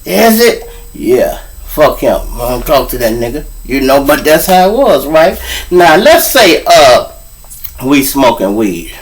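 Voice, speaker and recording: A middle-aged man from Chicago with a Chicago accent, hosting a show and telling street stories in a casual, animated way, acting out the people in them. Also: mid-range voice, measured pace, rough recording. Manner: animated, acts out voices of people in his stories. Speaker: storyteller host.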